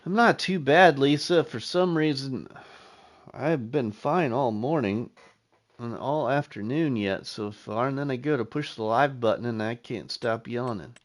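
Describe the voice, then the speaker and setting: A middle-aged man talks at an unhurried, slow pace as he hosts a live gaming stream. His voice sits at an ordinary middle pitch. He chats with his viewers in an easygoing, relaxed way while he thinks out loud. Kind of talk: casual live-stream chat while playing.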